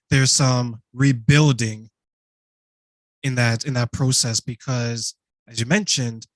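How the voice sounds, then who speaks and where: A man's voice: mid-range voice, dry recording, low-quality recording. A male host asking questions in an interview, thoughtfully summing up and checking what he understood. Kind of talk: conversational interview.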